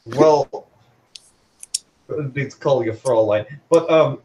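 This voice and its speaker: A man's voice: medium pitch, slow, darkish tone, slight background noise. A man in casual chat making wry, pedantic remarks. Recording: distant, muffled, roomy mic.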